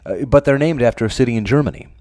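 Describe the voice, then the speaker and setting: A man's voice: medium pitch, rapid-fire, a little mellow. A middle-aged American man hosting a scripted comic radio monologue with dry, sardonic asides. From United States. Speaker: radio show host.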